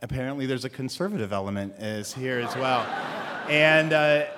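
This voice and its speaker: A man telling a personal story on a theater stage in a relaxed, conversational way, with some restarts. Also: medium pitch, moderate pace. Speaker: storyteller, legal activist. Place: theater stage before a live audience. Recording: live theater with audience murmur.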